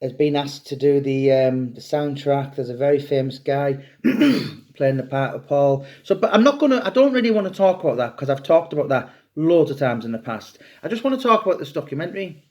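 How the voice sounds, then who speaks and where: A man's voice: medium pitch, expressive, a little fast, darkish tone, muffled recording. A middle-aged man and author talking casually and at length, rambling and chatty with some swearing. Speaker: true crime author. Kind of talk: casual monologue to camera.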